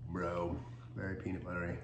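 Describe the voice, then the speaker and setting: A man's voice: sits low, monotone, a little fast. A man hosting a casual cookie-tasting vlog, upbeat and chatty as he talks while chewing. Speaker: cookie reviewer, channel host. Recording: echoey room, faint background noise.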